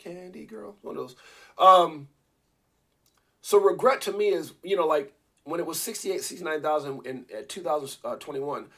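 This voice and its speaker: Husky-voiced man rambling on a livestream. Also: on the high side, normal speed, a bit bright. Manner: rambling, with many restarts and repeated words; addresses viewers and a co-host directly. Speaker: crypto livestream host. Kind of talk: casual live-stream talk.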